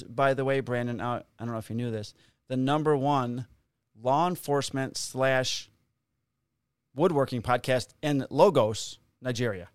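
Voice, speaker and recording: A man's voice: mid-range voice, measured pace, clean tone, no echo, studio quality. Joking man co-hosting a podcast. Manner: joking, rambling storyteller. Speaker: podcast co-host. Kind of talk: casual podcast chat and sponsor read. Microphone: studio podcast mic.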